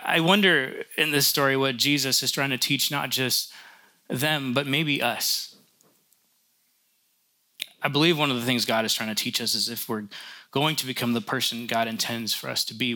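A man's voice: medium pitch, sharp tone. A man preaching a sermon as a pastor, conversational and lightly joking, often restarting his sentences.

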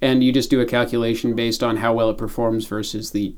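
A man's voice: medium pitch, flat delivery, a little fast, a little hiss or hum. A man in casual podcast chat, explaining with many ums and restarts.

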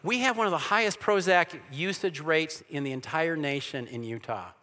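A man's voice: fairly high pitch, moderate pace, bright, forceful tone. A man giving a preached talk to an audience, emphatic, with sarcastic asides, rhetorical questions and frequent restarts. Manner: frequent restarts and repeated words. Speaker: Christian speaker on evangelizing. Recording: long hall reverb.

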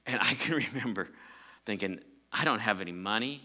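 Bright-voiced man preaching a sermon. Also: on the low side, lively intonation, a little fast. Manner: conversational preaching, rising to emphatic peaks. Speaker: pastor.

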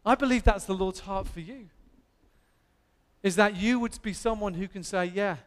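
High-voiced English preacher in a reverberant church. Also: male voice, normal speed. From England. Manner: earnest, emphatic preaching with rising exclamations. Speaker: pastor. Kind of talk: sermon. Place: church hall.

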